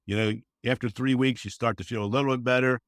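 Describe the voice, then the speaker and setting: A man's voice: medium pitch, fairly even intonation, fast, no echo, studio quality. A man speaking as a podcast guest in casual conversation, earnest and folksy, often saying "you know" and acting out quotes. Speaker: guest, service dog trainer.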